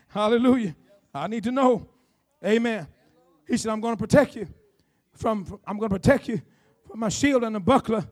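High-voiced preaching man. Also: brisk. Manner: preaching with rising shouts and call-outs to the congregation. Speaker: pastor. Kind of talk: sermon.

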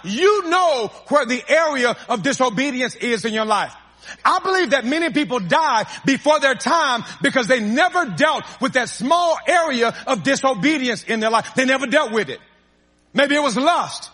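A man preaches with a strikingly high, bright voice that rings through a large reverberant hall. He hammers points with repeated phrases and calls out to his congregation as he goes. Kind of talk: sermon.

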